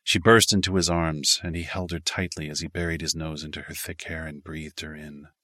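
Male audiobook narrator, low voice, bright crisp tone, dry close recording, steady scripted reading. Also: brisk, no room sound.

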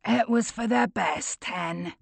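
A woman voicing a gruff, dismissive old father. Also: medium pitch, slow, no echo, full character voice. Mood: weary. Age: older. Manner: gruff, defensive and curt. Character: bitter older father, dismissive boozer. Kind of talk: audiobook character voice.

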